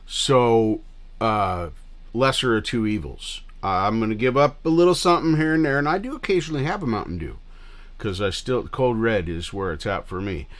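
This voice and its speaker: A man's voice: fairly low pitch, normal speed. A middle-aged man hosting a livestream, chatting casually with viewers in a rambling, scattered way and swearing freely. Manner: rambling and scattered, loose with profanity. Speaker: livestream host.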